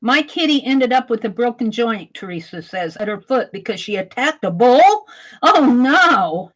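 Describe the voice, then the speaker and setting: On a live art stream, a Wisconsin woman chats as she talks through her sketch and reads viewers' comments aloud. Her voice is a little high and sing-song, at a normal speed, and the recording is rough.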